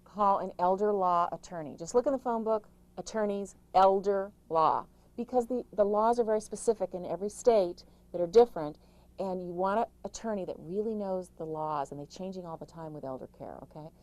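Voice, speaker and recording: A middle-aged woman, an author, giving emphatic, rapid-fire caregiving advice in an interview, with frequent restarts. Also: medium pitch, a little mellow, dry recording, poor audio. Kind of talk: interview answers.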